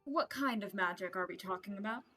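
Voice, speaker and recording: A woman's voice: medium pitch, brisk, pushed and bright, faint music behind. A woman playing a tabletop game who reacts with dismay to her rolls. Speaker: player.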